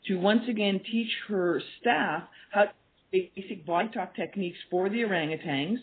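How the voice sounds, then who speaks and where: A woman's voice: medium pitch, moderate pace. A woman guest on a radio interview, telling stories earnestly and acting out quoted dialogue. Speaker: guest, animal communication teacher. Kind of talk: storytelling interview talk. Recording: tinny phone line.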